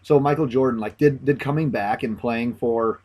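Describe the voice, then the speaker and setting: Easygoing mid-pitched man. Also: moderate pace, a little mellow. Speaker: podcast co-host. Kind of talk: casual sports chat.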